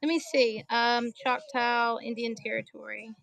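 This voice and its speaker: A woman's voice: a little high, flat delivery, measured pace, vocal fry, a bit bright. A woman with an American country accent, chatting casually to viewers as a livestream seller, joking and calling people by name. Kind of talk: casual live sales chat.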